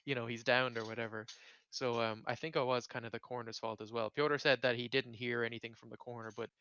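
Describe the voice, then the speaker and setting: Bright-voiced man chatting casually. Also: medium pitch, flat delivery, fairly quick, clear, resonant tone, dry recording, muffled recording. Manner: swearing, rambling, heavy on fillers. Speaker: podcast host. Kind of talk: casual chat.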